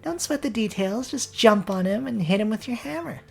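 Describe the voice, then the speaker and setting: A man's voice: high voice, lively intonation, normal speed, vocal fry, a little mellow, faint music behind, voice pushed up. Goombella, a sassy young student, voiced by a man. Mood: cheerful. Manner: sassy, upbeat, chirpy coaching. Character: peppy young female student sidekick.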